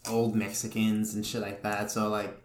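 A man with a South Texas accent co-hosting a podcast, joking around and bantering in relaxed slang. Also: on the low side, normal speed, reverberant. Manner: laid-back, joking, slangy. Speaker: podcast co-host.

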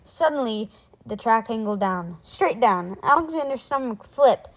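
A woman reading a children's chapter book aloud in a lively way, doing voices for the characters. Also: fairly high pitch, a little slow, poor audio. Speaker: reader.

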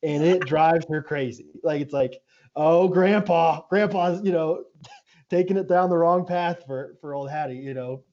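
Mellow-sounding guy chatting and joking around, kinda high voice. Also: measured pace. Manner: easygoing, animated banter. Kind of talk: casual conversation. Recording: slightly dull sound.

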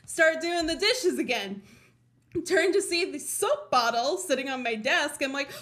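In a high, unhurried voice, a Colorado woman rambles through an everyday tale on her podcast. Her telling is loose and lively, full of laughs and cursing, and she dramatizes what she was thinking.

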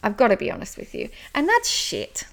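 A woman's voice: mid-range voice, huge pitch swings, a little fast, vocal fry. A woman coaching listeners on trusting their intuition, in an encouraging, conversational way with casual fillers and restarts. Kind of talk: casual spoken guidance.

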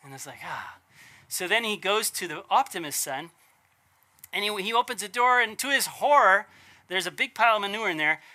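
A man's voice: sits high, expressive, fairly quick, bright, forceful tone. A man preaching a casual, conversational sermon, asking rhetorical questions and correcting himself as he goes. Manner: chatty, asks rhetorical questions, self-corrects.

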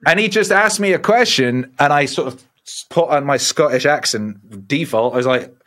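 A man's voice: on the high side, normal speed. A man in his forties, a musician guest telling rambling, profane stories in a casual interview. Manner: profane, rambling, animated storyteller.

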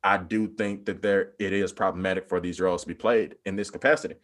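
A man's voice: deep voice, steady tone, fast talker, fairly bright tone. A man in casual podcast discussion, rambling with many "like" fillers and bursts of animation.

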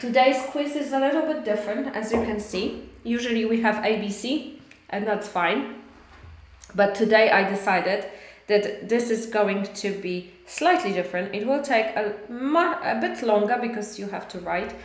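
A woman with a Polish accent runs a live online English lesson, chatting through corrections with plenty of fillers and steady encouragement. Her voice sits a little higher than most. The sound carries a noticeable echo from the room. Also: moderate pace. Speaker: English teacher. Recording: echoey room.

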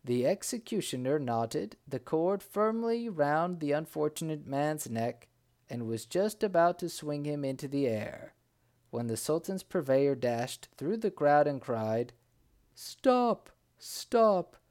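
At a measured pace and with a fairly high pitch, a man narrates a folk tale aloud. He keeps it lively, bringing the characters' cries vividly to life.

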